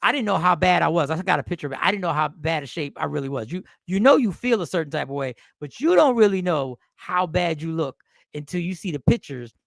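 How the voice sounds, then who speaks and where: A man hosting a casual talk show, telling a personal story in an animated way, repeating himself. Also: on the high side, fast talker, vocal fry, dry recording, studio quality. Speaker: host.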